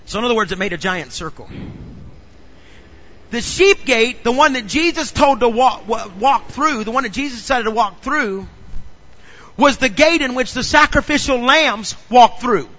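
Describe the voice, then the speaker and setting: A male pastor preaching a sermon in an animated way, often questioning the congregation. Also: extremely high pitch, moderate pace, lo-fi sound.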